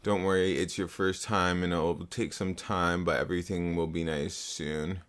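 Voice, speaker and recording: A man's voice: low voice, fairly even intonation, normal speed, a bit bright. A young man chatting casually on a live stream, swearing often and repeating himself, into a desktop mic at home. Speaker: livestreamer. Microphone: desktop USB mic.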